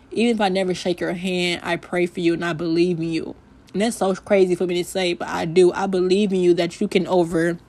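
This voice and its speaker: On her faith podcast, a young woman with a fairly low, slightly mellow voice grows emotional and nears tears. She speaks from the heart in a loose way, leaning on "like" and circling back to the same phrases. By the end she is praying out loud.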